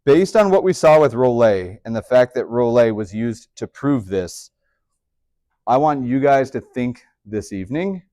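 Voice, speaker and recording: A man teaching a high school math class, chatty and upbeat, with joking asides to his students. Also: expressive, a little slow, mellow, dry recording, clean studio sound. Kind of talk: classroom lecture.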